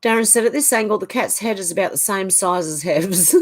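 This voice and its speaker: A woman from Australia hosts a livestream, casually talking back to viewers as she reads their live chat comments out loud. Her medium-pitched voice moves a little fast, with few pauses.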